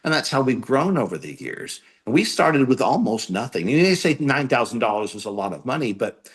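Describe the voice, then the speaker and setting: A man's voice: mid-range voice, big pitch swings, brisk. A man being interviewed as a filmmaker, speaking earnestly and encouragingly. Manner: earnest, encouraging, plain-spoken. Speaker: filmmaker guest. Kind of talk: interview answers.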